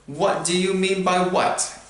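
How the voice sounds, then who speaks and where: A man's voice: medium pitch, big pitch swings, slow, fairly bright tone. A man voicing a defiant teenage boy who answers coldly and curtly. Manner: cold, curt, resigned. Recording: roomy echo.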